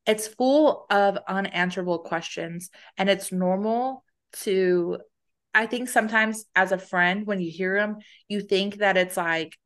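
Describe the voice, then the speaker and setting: A woman's voice: on the low side, moderate pace. Reflective woman co-host, thinking aloud. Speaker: podcast co-host. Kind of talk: casual chat.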